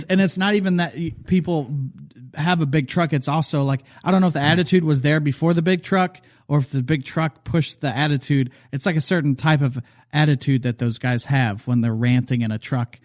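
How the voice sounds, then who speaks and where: A man's voice: fairly high pitch, normal speed. A man from Indiana with a Hoosier twang, a comedian chatting loosely as a podcast guest. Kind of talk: casual podcast chat.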